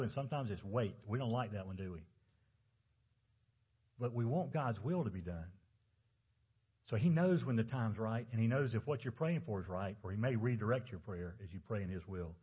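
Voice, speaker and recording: A man's voice: medium pitch, breathy edge, lo-fi sound. A man preaching a sermon as pastor, talking conversationally and asking the congregation rhetorical questions.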